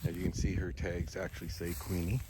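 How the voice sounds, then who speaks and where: Rancher guy, real low voice, chatty with his cows, noisy outside with cattle around. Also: little pitch movement, a little fast. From Alberta, Canada. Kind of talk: casual vlog chat. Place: outdoors in a snowy calving yard. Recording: outdoor wind and noise.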